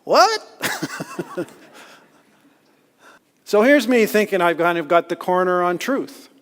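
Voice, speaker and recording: Male speaker, slightly high voice, self-deprecating storyteller, long hall reverb. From Canada. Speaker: conference speaker. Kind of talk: storytelling talk. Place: lecture hall.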